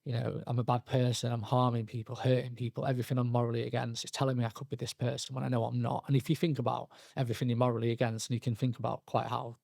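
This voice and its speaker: A young man, a podcast guest telling his story candidly, halting and restarting often. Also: medium pitch, flat delivery, creaky, a little mellow, no room sound, clean studio sound. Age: young adult. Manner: halting, frequent restarts and fillers, quoting himself and others.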